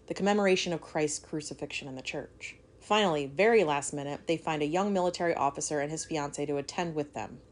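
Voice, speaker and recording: A woman co-hosting a podcast, reading a history story aloud and breaking off to joke and swear. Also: sits low. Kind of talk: casual storytelling chat.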